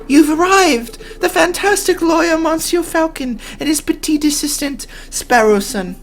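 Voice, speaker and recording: A man voicing a cheerful, naive young noblewoman in a game, in a high, bubbly, singsong voice. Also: unhurried, a bit bright, soft background music, exaggerated voice. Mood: chirpy.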